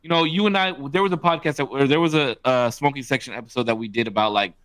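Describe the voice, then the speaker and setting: A man's voice: mid-range voice, quick pace, a bit bright, smooth, no echo. A man co-hosting a podcast, chatting loosely in bursts with plenty of swearing. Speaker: podcast co-host. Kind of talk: casual chat.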